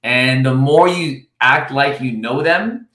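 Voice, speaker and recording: A man coaching cold calling live from his office, talking with high energy. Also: slow pace, pushed and bright, echoey room. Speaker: sales coach.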